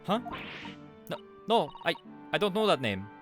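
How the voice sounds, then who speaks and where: A man's voice: a little high, sing-song, moderate pace, soft background music, pitched above the performer's own voice. A man reading game dialogue aloud as a frightened young woman ballerina, nervous and stammering. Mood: panicked.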